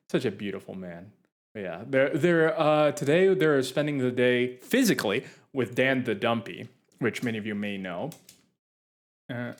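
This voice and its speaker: A man streaming live, chatting casually and rambling jokily while reacting to a game trailer. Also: mid-range voice. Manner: rambling and jokey, trailing off mid-sentence. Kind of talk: casual livestream chat.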